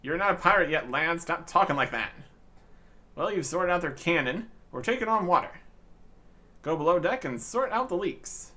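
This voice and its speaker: A man doing a gruff, bossy ship captain. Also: fairly high pitch, animated, moderate pace, pushed and bright. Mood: stern. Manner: scolding, bossy, nautical talk. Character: gruff male ship captain, stern and impatient.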